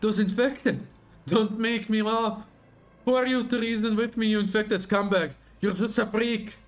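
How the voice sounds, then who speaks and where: A man voicing a nervous, defensive village farmer who talks high-pitched, agitated and blustering, read aloud from a game story on a livestream. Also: steady tone, unhurried.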